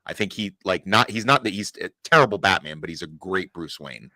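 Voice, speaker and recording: A man co-hosting a casual podcast chat, opinionated, animated and swearing freely. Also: sits low, a little fast, dry recording. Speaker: podcast co-host.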